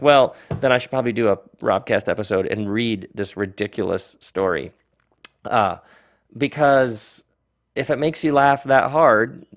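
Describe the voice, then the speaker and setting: A middle-aged man hosting his own podcast, talking in a loose, animated monologue full of laughs and asides. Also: medium pitch. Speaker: podcast host. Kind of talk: casual monologue.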